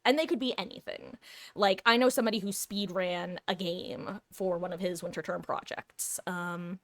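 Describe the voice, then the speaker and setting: A woman with a lowish voice talks at normal speed, with no room sound in the recording. She's live-streaming gameplay, rambling casually through stories for viewers, lively and given to sudden shrieks.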